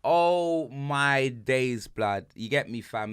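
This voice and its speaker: A man's voice: medium pitch, slow, few pauses, a bit bright, clean tone, no echo, studio quality. A man hosting a casual sports podcast, ranting animatedly in heavy street slang. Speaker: podcast host.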